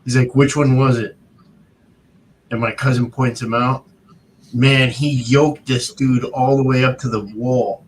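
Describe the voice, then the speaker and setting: A man, a guest on a casual talk show, telling an animated family story. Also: mid-range voice, unhurried, a little hiss or hum, low-quality recording. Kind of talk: casual chat.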